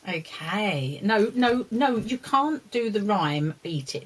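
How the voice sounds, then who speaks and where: A woman's voice: lowish voice, lively intonation, slow pace, slightly rough, poor audio. A woman presenting a children's lesson, talking fondly to a puppet and the viewers. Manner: talks fondly to a puppet dog and the children, with laughs and scolding.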